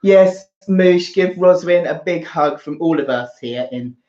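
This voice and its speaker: A man hosting a casual livestream chat from the sofa of his flat, excitable and quick to laugh. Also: on the high side. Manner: excitable, squealing and laughing often. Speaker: channel host. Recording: roomy, dull livestream audio.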